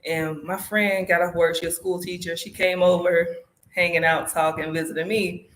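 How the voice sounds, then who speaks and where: A woman's voice: on the low side, normal speed. A woman from South Carolina, telling an emotional story in casual, profane vlog chat at home. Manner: animated, emotional storytelling with frequent swearing. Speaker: motorcycle vlogger. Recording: echoey room.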